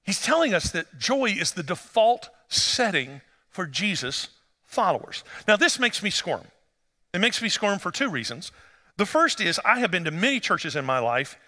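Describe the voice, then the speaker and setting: Preaching at normal speed, a pastor fills a large church hall with his slightly high, bright voice and a long echoing reverb. The sermon starts as easy, conversational storytelling and builds to animated emphasis.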